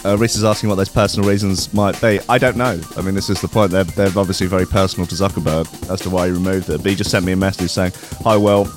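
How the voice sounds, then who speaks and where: A man's voice: low voice, steady tone, very fast, hardly any pauses, over music. A man hosting a comic news stream, with rambling, sarcastic tangents. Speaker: host.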